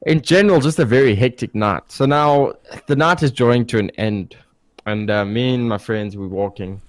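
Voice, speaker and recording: A man's voice: mid-range voice, normal speed, no room sound. A young man telling a rowdy story in casual chat, swearing freely and acting out quotes. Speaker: podcast co-host.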